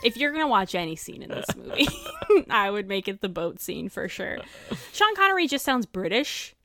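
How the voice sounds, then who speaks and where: A woman's voice: mid-range voice, very animated, normal speed, pushed and bright, dry recording. A woman co-hosting a casual film review chat, laughing often and swearing casually. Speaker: podcast co-host.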